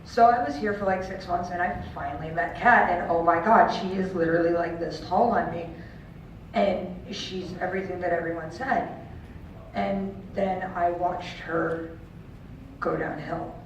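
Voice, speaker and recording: A woman's voice: lowish voice, fairly even intonation, measured pace. A woman in her thirties giving a heartfelt personal story to an audience at a charity event, acting out the voices of people she quotes. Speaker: speaker at a charity auction. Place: large event hall. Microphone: handheld camera far from the stage. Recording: distant, dull and very echoey with faint room noise.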